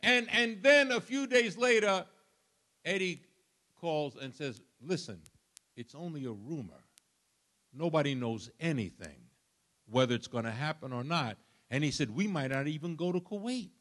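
Older new guy preaching, high voice, swoops up and down a lot, jokey storytelling. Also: normal speed. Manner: animated, storytelling with humor and sudden shifts of volume. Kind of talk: sermon.

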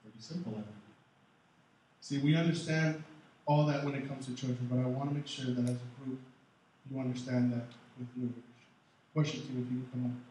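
A man preaching a sermon as pastor, animated, swinging between loud and soft. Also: medium pitch, fairly quick, pauses often, slight background noise. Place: large church hall. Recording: echoey hall, mic far off.

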